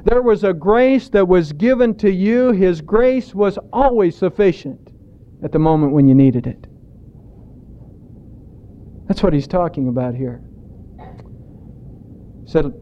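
A man preaching a sermon in a deliberate way, drawing out emphatic words. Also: sits high, expressive, muffled recording. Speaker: pastor.

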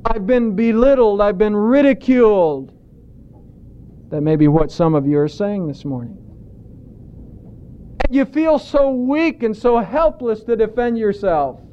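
A man preaching a sermon in a deliberate way, drawing out emphatic words. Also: high voice, lively intonation, clear, resonant tone, dull audio. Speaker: pastor.

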